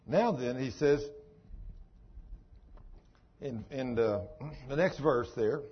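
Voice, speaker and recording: A man's voice: mid-range voice, animated, slow, slightly rough, dull audio. A man preaching a sermon in a folksy, dramatic storytelling manner.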